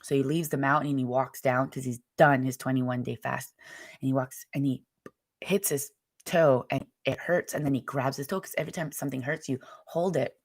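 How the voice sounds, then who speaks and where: A woman's voice: a bass voice, steady tone, brisk, no echo, studio quality. A young woman, host of her own show, giving a candid and emotional personal testimony, rambling along with many fillers.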